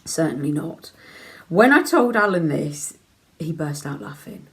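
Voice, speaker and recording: A woman's voice: low voice, very animated, unhurried. A middle-aged woman with a Leicester accent, chatting frankly to camera as she answers viewer questions, with plenty of ums and easy laughs. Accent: Leicester English. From England (Leicester). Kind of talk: casual chat.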